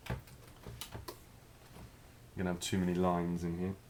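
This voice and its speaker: A man teaching a live figure drawing class, talking through each stroke as he draws, in a relaxed, thinking-aloud way. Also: low voice, a little slow, a little hiss or hum.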